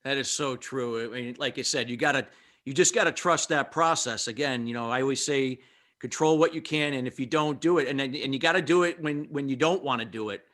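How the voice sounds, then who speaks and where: An upbeat man hosting a radio interview, his voice bright and forward at an ordinary pitch. He is enthusiastic and affirming, with casual fillers. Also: fairly quick. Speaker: radio show host.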